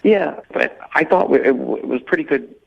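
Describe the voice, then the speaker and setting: Hesitant male caller, gravelly, on a phone line. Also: mid-range voice, animated, fairly quick. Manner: hesitant, many fillers, earnest. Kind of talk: telling a dating story on air.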